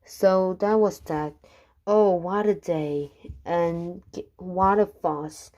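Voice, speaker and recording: A woman reading rhyming children's poems aloud, unhurried, now and then stumbling and restarting a word. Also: on the low side, warm tone. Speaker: reader.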